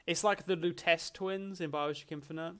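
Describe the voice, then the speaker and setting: A man with a fairly high voice hosts a live-stream Q&A at a moderate pace. He's animated and chatty, trading jokey banter with the chat.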